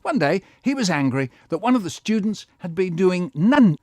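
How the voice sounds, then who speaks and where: A man reading children's stories aloud, playful and animated, with sound effects and silly voices. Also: high voice, moderate pace, soft background music. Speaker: children's poet and storyteller. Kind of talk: expressive children's story reading.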